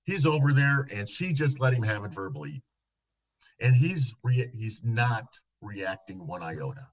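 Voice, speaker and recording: A man, a licensed counselor, earnestly recounting a therapy session in a podcast interview, often dropping to a soft, low voice. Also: very animated, measured pace, lo-fi sound.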